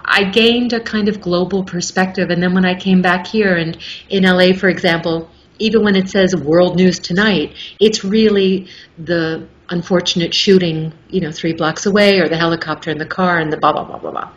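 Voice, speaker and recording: A woman's voice: on the low side, normal speed, hardly any pauses. Articulate middle-aged woman, muffled recording. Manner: articulate, lively storytelling. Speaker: guest, audiobook narrator. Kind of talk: casual interview chat. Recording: muffled with faint background noise.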